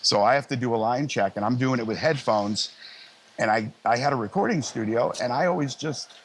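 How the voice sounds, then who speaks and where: Middle-aged male sound guy, interview guest; casual anecdotal delivery, voices other people in a raised pitch; mid-range voice. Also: fairly quick, slight background noise. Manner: animated anecdotes, acting out others' lines in a raised voice; frequent fillers and restarts, easygoing.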